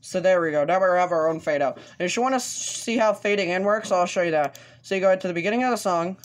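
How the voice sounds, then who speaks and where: A man talking through a casual screen-recorded software tutorial, halting, with many fillers and restarts as he explains each step. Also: high voice. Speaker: tutorial host.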